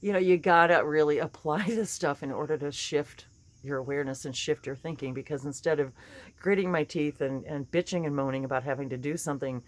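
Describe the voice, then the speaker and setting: A woman with a slightly hoarse morning voice, giving a casual spiritual talk, chatty and laughing often, with many fillers and restarts. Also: low voice, a little fast. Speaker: spiritual channeler and teacher.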